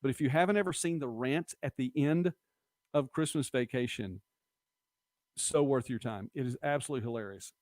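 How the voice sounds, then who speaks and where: A man's voice: medium pitch, normal speed, darkish tone, dry recording. A middle-aged man chats his way through viewer comments on a live-stream, rambling and easygoing. His voice sits in the middle range and is recorded close up with no room sound at all. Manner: chatty, rambling, quotes movie lines. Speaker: host of a local live-stream show.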